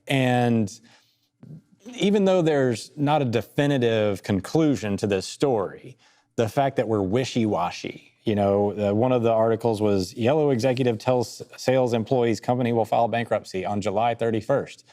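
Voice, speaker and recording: A man co-hosting a podcast, talking through market charts in a casual, quick, joking way. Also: mid-range voice. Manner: quick, joking, lively, laughs between points. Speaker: podcast co-host. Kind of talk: casual market analysis chat.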